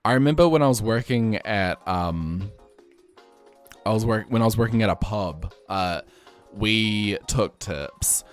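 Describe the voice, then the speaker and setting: Young NZ-accented male streamer, lowish voice, animated and giggly, faint music behind. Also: measured pace. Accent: New Zealand. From New Zealand. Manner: animated storyteller, laughs often, jumps up in pitch when excited. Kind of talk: casual chat.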